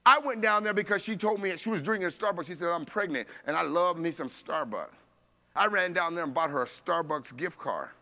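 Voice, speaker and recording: A man preaching a sermon, telling a story with animated voices for each person and laughing along. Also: on the high side, fairly quick.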